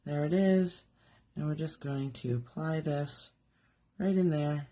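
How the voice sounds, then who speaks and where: A jewelry artist demonstrates her craft live from her home art studio, chatting and thinking out loud as she works. Her voice is low, mellow and a little slow.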